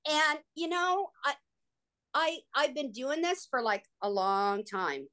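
Excitable woman telling stories as a guest. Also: sits high, slow. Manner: excitable, gushing, frequent "like" and "oh my God". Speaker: actress and guest. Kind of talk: casual interview storytelling.

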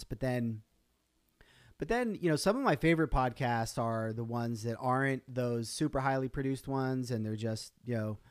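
A man hosts his own podcast on a live stream, chatting casually in a mid-range voice with no room sound. He rambles, interrupting himself with fillers and restarts.

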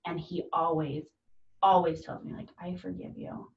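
A woman's voice: on the low side, flat delivery, moderate pace, gravelly. Earnest mother in an echoey room. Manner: earnest, heartfelt, acts out quoted voices. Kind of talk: casual conversation. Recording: dull, distant, echoey room.

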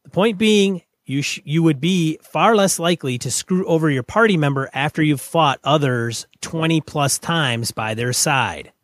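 A man co-hosting a podcast, his voice pitched a little high and recorded close with no room sound. He talks in a casual, measured way, reading listener notes and weighing in with blunt opinions. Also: a bit bright, dry recording. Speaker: podcast co-host.

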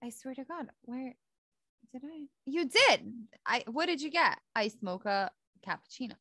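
A woman's voice: sits high, expressive, moderate pace, bright, forceful tone, no echo, studio quality. A young woman co-hosting a casual podcast, bubbly and jokey, easily amused by her own lines. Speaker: podcast co-host. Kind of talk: casual chat.

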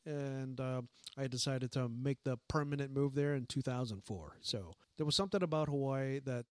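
A man's voice: medium pitch, moderate pace, dry recording, clean studio sound. A man who is a stand-up comedian, chatting casually as a guest, rambling with restarts and jokes. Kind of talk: casual interview chat.

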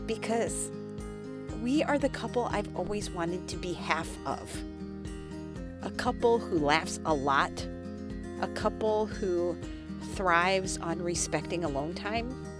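A woman hosting a podcast, telling her own story in a candid, self-deprecating way and talking straight to her listeners. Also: on the low side. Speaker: podcast host.

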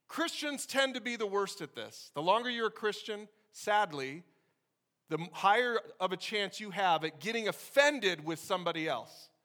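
A man preaching a sermon to his congregation, conversational and energetic, with sudden loud bursts. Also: high voice. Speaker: pastor.

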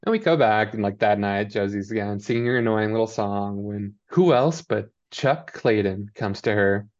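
Low-voiced man recapping a show casually. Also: normal speed, a little mellow, lo-fi sound. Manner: rambling recap, quoting characters in mock voices. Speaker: podcast co-host recapping a TV episode. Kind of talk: casual chat.

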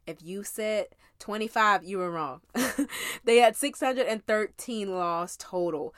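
A woman's voice: lowish voice, dry recording, clean studio sound. A woman casually recapping a week's Bible reading as a teacher, talking in a conversational, emphatic way and speaking straight to her listeners.

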